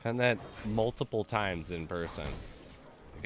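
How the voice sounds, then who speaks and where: This man hosts a game stream, with a lowish voice, a measured pace and a fairly bright tone. He chats casually, rambles and jokes, saying "like" constantly.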